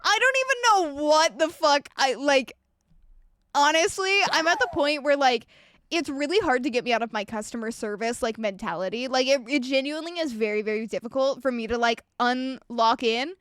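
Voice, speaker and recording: Young woman streamer, high and dry-sounding, foul-mouthed and animated, reads her chat. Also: moderate pace, clean tone, dry recording. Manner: animated, swearing, ranting storyteller; reads and answers chat messages. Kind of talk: casual live-stream chat.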